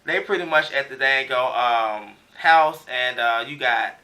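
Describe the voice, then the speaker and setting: A man's voice: mid-range voice, a little slow, bright, forceful tone, recorded from a distance. A man giving a casual recap of a TV episode, talking loosely with slang and lots of fillers. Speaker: TV show recap reviewer.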